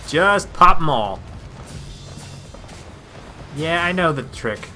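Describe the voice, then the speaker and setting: Guy chatting over his gameplay, wry and relaxed, bright kinda high voice, game music faint in the back. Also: slow pace, pauses often. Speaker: let's-play host. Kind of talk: casual gameplay commentary.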